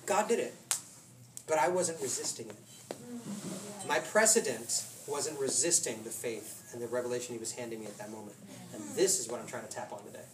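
A man's voice: medium pitch, fairly quick, a crowd in the background. A man preaching a casual sermon, telling stories with laughs and voiced asides. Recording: roomy hall from a distant mic with noise.

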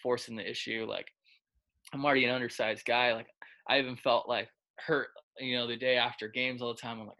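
Gravelly, bright-voiced man telling stories. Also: medium pitch, fairly even intonation, normal speed. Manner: loose and chatty, heavy with filler words, acts out quoted lines. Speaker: quarterback coach. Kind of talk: casual interview storytelling.

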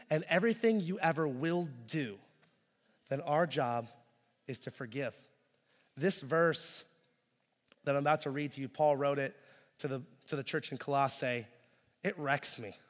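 A male pastor preaching a sermon, moving between quiet intense stretches and loud, pleading passages where he acts out voices. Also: fairly high pitch, in a large hall.

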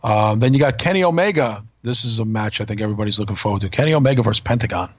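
A man co-hosting a wrestling podcast talks quickly in casual chat. He hedges and restarts his sentences often, and the sound is close and dry. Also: on the low side, animated, breathy edge, dry recording. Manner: hesitant, many restarts and fillers. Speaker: podcast co-host.

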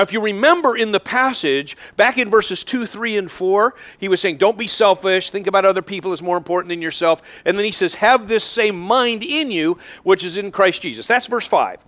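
A man preaching a sermon as pastor, speaking in a relaxed, conversational way with frequent fillers and restarts. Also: high-pitched.

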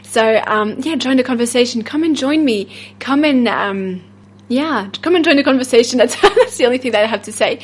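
A woman's voice: fairly high pitch, animated, fairly quick, slightly rough. A woman with a French accent hosting a solo podcast as a self-love coach, rambling and upbeat with frequent fillers and laughs.

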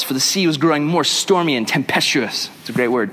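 A young adult man, a youth pastor, reading scripture aloud and teaching a group in an energetic, joking, slangy way. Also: a little high, moderate pace. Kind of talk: casual Bible teaching to a group. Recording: long echo of a large hall.

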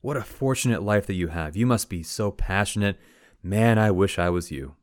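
A man voicing a crowd of excitable, melodramatic villagers in an exaggerated, gushing way. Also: fairly low pitch, normal speed, no echo, studio quality, close to an everyday voice.

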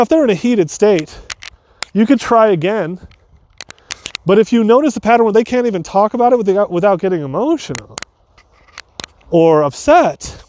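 A man's voice: high-pitched, a little mellow, slight background noise. A man coaching in a loose, rambling way, full of asides and restarts, giving relationship advice. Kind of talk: casual advice talk.

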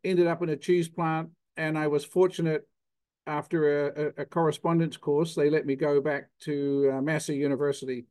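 A man's voice: a little high, darkish tone. Older New Zealand man, plainspoken. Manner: plainspoken, self-deprecating explaining. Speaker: guest, cheese consultant. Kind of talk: technical interview talk.

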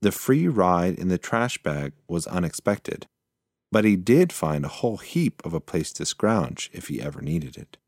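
A man narrating a children's storybook in a slow, measured reading. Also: low voice, big pitch swings, darkish tone, no echo, clean studio sound.

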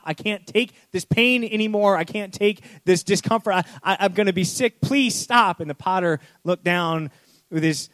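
A man preaching a sermon, telling a parable with swings between urgent speed and hushed, slow emphasis. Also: fairly high pitch, dry recording. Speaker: pastor.

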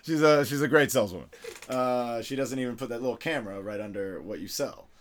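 A man's voice: mid-range voice, quick pace. A man from Venezuela hosting a podcast, chatting casually in a rambling, giggly way with lots of fillers. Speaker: podcast host. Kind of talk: casual chat.

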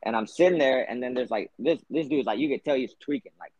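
A man's voice: mid-range voice, fast, darkish tone, slightly rough, no room sound. A young man hosting a podcast, telling a long story in a rambling, profane way, full of fillers. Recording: dull lo-fi podcast audio.

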